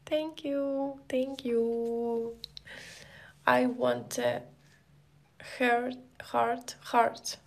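A woman's voice: on the high side, animated, drawn-out words, pauses often. A young woman live streaming, chatting with viewers in simple, non-native English as she greets and thanks them.

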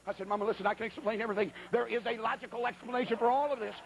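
High-voiced folksy preacher telling stories. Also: male voice, very fast, vocal fry, hardly any pauses, lo-fi sound, a little hiss or hum. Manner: animated, folksy, exaggerated comic storytelling. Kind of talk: humorous storytelling sermon.

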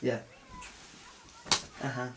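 A man acting a hot-tempered young man who yells, swears and threatens in an amateur comedy film. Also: very slow. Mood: sweet-talking. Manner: yelling and swearing, then crooning on the phone. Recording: distant mic with faint noise.

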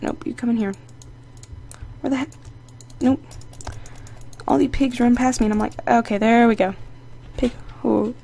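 Chatty, excitable young-sounding woman gamer. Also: fairly high pitch, moderate pace, vocal fry, pauses often, slight background noise. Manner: chatty, excitable, playfully sassy. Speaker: gaming channel host. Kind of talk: casual gameplay commentary. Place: indoor home setup. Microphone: desk microphone.

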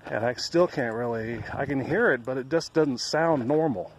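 A man's voice: medium pitch, slight background noise. A man chatting while walking outdoors in a wooded park, rambling and self-deprecating, a bit out of breath. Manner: self-deprecating, rambling, sings folk song slowly. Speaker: vlogger. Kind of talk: casual walking vlog with singing. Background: faint outdoor ambience.

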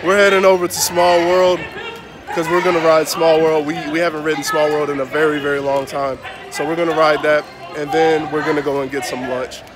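A man's voice: fairly high pitch, flat delivery, a little fast, a crowd in the background. A man chatting in a casual vlog, playful and jokey, outdoors in a theme park. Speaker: vlogger.

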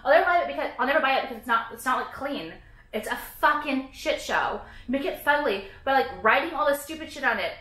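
A woman's voice: high-pitched, lively intonation, quick pace, pushed and bright. Profane, sarcastic woman in an echoey room. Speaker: vlogger reviewing products. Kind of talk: casual ranting vlog.

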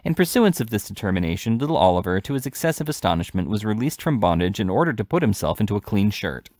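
A man reading a classic novel aloud, steady, with occasional self-corrections. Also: lowish voice, fast talker, dry recording, studio quality. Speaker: audiobook reader.

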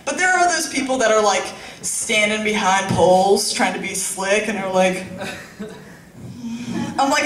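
A woman's voice: medium pitch, expressive, unhurried, recorded from a distance, a little hiss or hum. A young woman performing a casual, profane stand-up set in a small club, with laughing asides. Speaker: stand-up comic. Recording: echoey club room, faint ambience.

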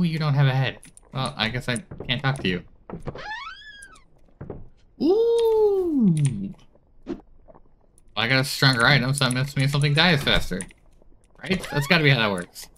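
Lively bright-voiced man gaming. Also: mid-range voice, a little hiss or hum. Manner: chatty, talks back to game characters. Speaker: gaming streamer. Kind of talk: horror game let's play commentary.

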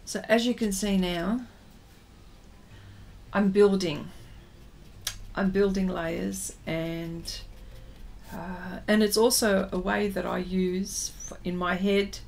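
A woman's voice: medium pitch, vocal fry, a little hiss or hum. Chatty woman talking through a painting livestream. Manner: chatty, reads viewer comments aloud and answers them; talks slowly while working, trails off into fillers. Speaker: artist hosting a livestream. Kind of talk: casual livestream chat while painting.

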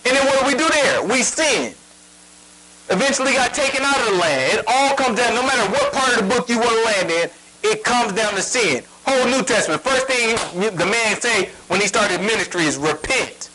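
A man preaches with a high, bright voice that swings widely in pitch. He talks emphatically, firing rhetorical questions at his listeners. A faint hum sits under the recording. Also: lively intonation, fairly quick, rough recording. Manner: emphatic, asks rhetorical questions, prods the reader. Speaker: Bible teacher. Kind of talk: sermon.

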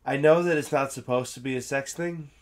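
A man's voice: mid-range voice, brisk. A man co-hosting a casual podcast, drunk and sick, with sardonic, self-deprecating remarks. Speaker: podcast co-host. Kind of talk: casual chat.

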